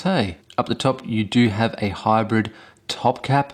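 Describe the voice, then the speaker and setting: A man's voice: on the low side, measured pace. A man with a broad Australian accent hosting a casual product review, swearing constantly and laying on heavy slang. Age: adult with children. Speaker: host of a vape hardware review show.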